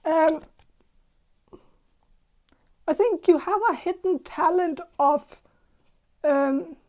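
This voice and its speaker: A woman doing a casual tarot reading, talking hesitantly with many pauses, fillers and restarts. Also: very high voice, dark tone. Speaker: tarot reader.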